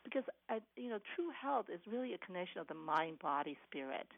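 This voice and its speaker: Gravelly woman doctor on a phone line. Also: fairly low pitch, very animated, brisk. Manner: earnest, many restarts and "you know". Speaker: cardiologist guest. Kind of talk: interview answers.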